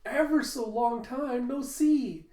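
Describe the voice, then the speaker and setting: A man voicing a shrill, excitable young woman fighter who squeals and gushes, recorded in an echoey room. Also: takes it slowly. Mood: gushing. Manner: squealing, gushing.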